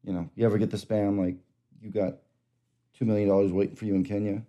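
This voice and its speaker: A man's voice: fairly low pitch, little pitch movement, quick pace, mellow. A man telling a story in casual podcast chat, rambling and stopping to restart his sentences.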